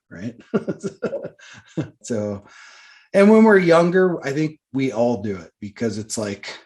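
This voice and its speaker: A man's voice: medium pitch, sing-song, slow pace, a little mellow. A man hosting a business podcast, casual and loose, laughing often. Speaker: podcast host.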